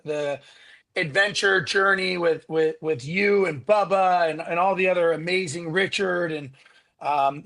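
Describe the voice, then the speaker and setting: A man being interviewed as a business coach, animated and profane, rambling with lots of restarts and "like.". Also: on the high side, vocal fry. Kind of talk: casual interview chat.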